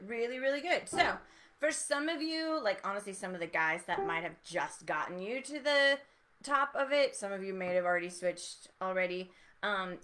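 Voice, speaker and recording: A woman voice teacher giving an encouraging, explanatory lesson with relaxed spoken demonstrations. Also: mid-range voice, slight background noise. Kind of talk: online voice lesson.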